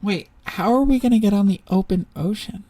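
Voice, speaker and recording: A woman playing a dating game on stream, chatting casually in a rambling way with lots of fillers, at an ordinary middle pitch. She reads the narration, then drifts off into side stories. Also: fairly quick, mellow, soft background music. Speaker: streamer playing a visual novel. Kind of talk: casual let's-play commentary.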